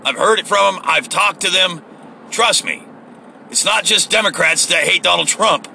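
Guy venting in his car, swears a lot, sarcastic, sharp bright voice. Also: high voice, normal speed, creaky, slight background noise, poor audio. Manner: profane, sarcastic, heated ranting. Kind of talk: ranting political monologue.

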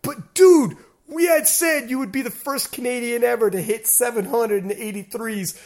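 Male podcast host, high-pitched, animated storyteller who swears freely. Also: moderate pace. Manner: animated storytelling, acts out shouted quotes. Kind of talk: casual chat.

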